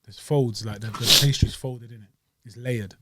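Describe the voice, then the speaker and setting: Male co-host, mid pitch, loose slangy banter. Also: normal speed, noisy background. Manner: slangy, jokey, animated. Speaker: podcast co-host. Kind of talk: casual chat.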